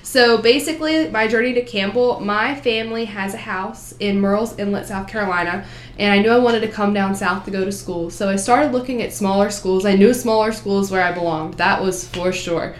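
A woman's voice: medium pitch, steady tone, normal speed, echoey room, a little hiss or hum. A woman in her twenties with a New Jersey accent, a podcast guest telling her story in an earnest, upbeat way. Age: 20s. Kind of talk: casual chat.

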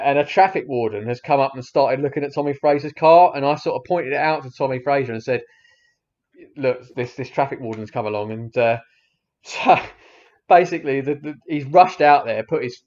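A man's voice: medium pitch, a little mellow. Male co-host, thirties, rambling and hesitant, slightly muffled recording. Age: 30s. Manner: hesitant, rambling, lots of fillers and restarts. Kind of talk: casual storytelling chat.

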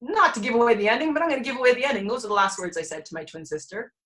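A woman in her forties from Alberta, a podcast guest telling a personal story in a candid, animated way and laughing between heavy moments. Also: on the high side, very fast, poor audio. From Alberta, Canada.

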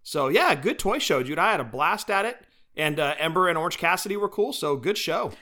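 Bright, chatty young man co-hosting. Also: a little high, brisk. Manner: chatty, playful, animated storyteller. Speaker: podcast co-host. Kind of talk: casual chat.

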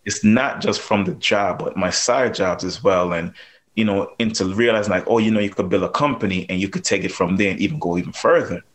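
Chatty Jamaican-accented man, lowish voice. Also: fairly quick. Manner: loose, chatty, lots of fillers. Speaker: guest; plumber and landlord. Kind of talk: casual podcast interview.

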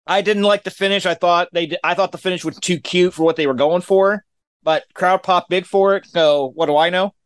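A man's voice: high-pitched, steady tone, fairly quick, clean tone, no room sound. A man casually recapping a wrestling show on a podcast, giving dry, matter-of-fact play-by-play with his own opinions.

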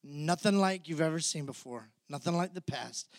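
High-voiced storytelling preacher man. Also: moderate pace, dry recording, clean studio sound. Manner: vivid storytelling, audience call-outs. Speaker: pastor. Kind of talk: sermon.

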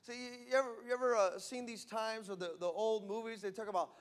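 A man preaching an emphatic sermon from the pulpit, repeating and stressing his key lines. His voice is unusually high for a man. He speaks to a live congregation in a church. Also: a little fast, smooth. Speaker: pastor.

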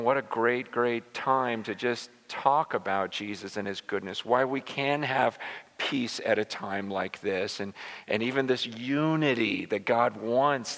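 A man preaching a sermon as pastor, animated, often repeating words and acting out the people he quotes. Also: mid-range voice. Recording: long reverb of a large hall.

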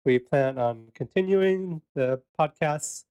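A man co-hosting a relaxed podcast, his voice sitting a little high for a man. He chats casually, laughs easily and often, and fills gaps with "um" and "uh". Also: slow, clean tone. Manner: chatty, laughs often, many fillers. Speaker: podcast co-host.

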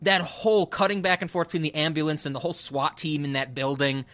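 Bright-voiced man chatting about films. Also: fast, no room sound. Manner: animated, acts out quotes in a shrill voice. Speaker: podcast co-host. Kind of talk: casual film discussion.

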